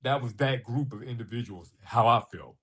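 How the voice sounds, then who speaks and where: Here the podcast guest, a middle-aged artist and filmmaker, sounds medium-pitched and slightly rough, moving at a moderate clip. He tells a story from his own life animatedly, performing each line of dialogue as he quotes it.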